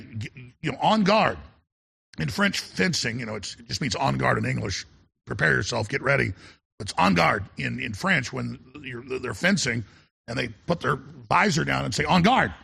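Gravelly, urgent male talk radio host. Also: medium pitch, moderate pace, pushed and bright. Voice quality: gravelly, husky voice. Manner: urgent, intense, repeating words and stammering restarts. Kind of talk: impassioned talk radio monologue.

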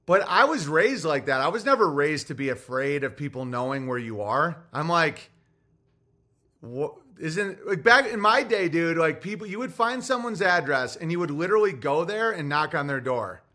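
A man's voice: on the high side, sing-song, moderate pace, hardly any pauses, bright, forceful tone. A man hosting a livestream, talking in a rambling, provocative and profane way. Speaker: comedian and show host. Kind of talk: casual livestream monologue.

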